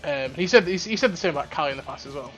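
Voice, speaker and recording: A man's voice: on the high side, racing. Sweary young guy, chatty. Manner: rambling, swears a lot, animated storytelling. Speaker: podcast host. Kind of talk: casual chat. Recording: faint music underneath.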